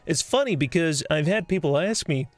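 This Australian streamer and game developer has a voice on the high side with lively intonation and a normal pace, recorded with no room sound. He codes live, chatting casually, rambling, and frequently restarting his thoughts.

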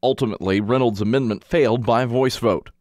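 A man's voice: mid-range voice, a little fast, darkish tone. A man reporter filing a scripted news package from the capitol.

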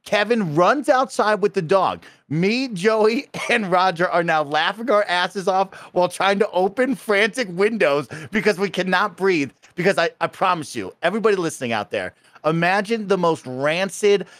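A man on a podcast, telling a story in an animated, dramatic way. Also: high-pitched, normal speed, few pauses, no room sound. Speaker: podcast regular.

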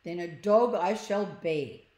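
A woman's voice: fairly low pitch, lively intonation, slow, a little mellow, echoey room. A woman voicing a friendly, timid shape-shifting slime creature that stammers when scared.

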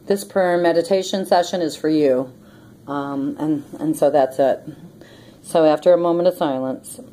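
A woman's voice: sits low, normal speed, dark tone, low-quality recording. A woman hosting a casual prayer and meditation vlog, chatty and rambling, who often breaks into laughter. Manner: chatty, rambling with many ums. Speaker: host of a prayer and meditation channel.

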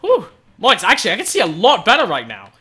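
A young man narrates his game run in a high, bright voice that leaps up and down with excitement. He exclaims and shouts often as he plays, over faint background music. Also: quick pace. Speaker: gaming video host.

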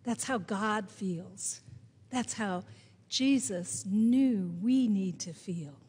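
A woman pastor preaching a sermon, telling a personal story in a slow, gentle way with emphatic rises. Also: mid-range voice, husky. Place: church sanctuary. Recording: reverberant church sanctuary.

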